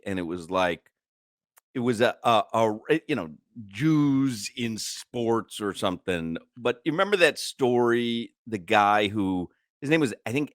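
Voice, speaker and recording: A man's voice: fairly low pitch, no room sound. A man co-hosting a sports radio show, telling rambling stories in casual banter with many fillers, close on a studio microphone. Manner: rambling storyteller, thinks aloud with fillers.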